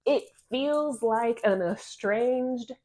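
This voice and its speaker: A woman's voice: a little high, extremely slow, warm tone. A woman reading oracle cards for her viewers, rambling and repeating herself in casual, slangy talk. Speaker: oracle card reader. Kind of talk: casual channeled card reading.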